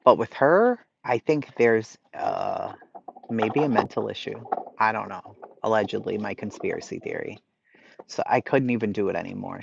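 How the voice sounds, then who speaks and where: A man's voice: lowish voice, creaky, noisy background. Blunt, profane Boston man ranting. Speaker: livestream host reading chat. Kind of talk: casual chat. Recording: slightly lo-fi stream audio.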